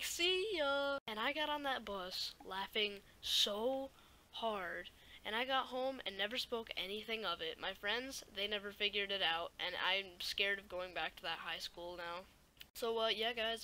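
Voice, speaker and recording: A teenage girl telling a school story in a rambling vlog, with lots of "like" and "okay?" and animated asides. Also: mid-range voice, low-quality recording. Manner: rambling, animated, fillers like "like" and "right?". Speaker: YouTuber.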